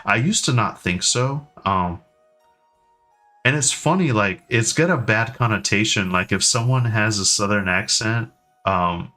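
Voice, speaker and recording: An American man in his thirties talks casually with his stream viewers in a fairly low, sharp-toned voice. He rambles and hesitates, full of ums and restarts, in typical live-stream chat.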